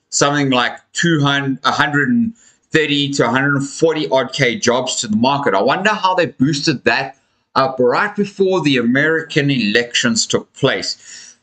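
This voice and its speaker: A man's voice: a little high, a bit bright, low-quality recording. A man hosting a casual live crypto stream, tired and yawning, chatting to viewers as friends and drawing out words for emphasis. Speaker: crypto livestream host. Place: home room with a fan running.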